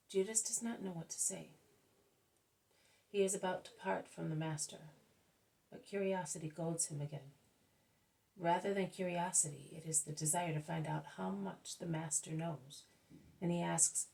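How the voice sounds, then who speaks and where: Female narrator for devotional reading; low-pitched, gravelly, unhurried. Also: dark tone, low-quality recording.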